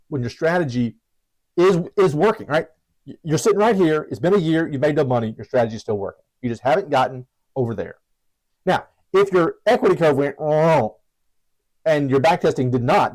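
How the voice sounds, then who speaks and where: A man's voice: on the high side, a little mellow, poor audio. A man teaching about trading strategies in a casual, chatty way, self-deprecating with frequent restarts and asides. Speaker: trading educator.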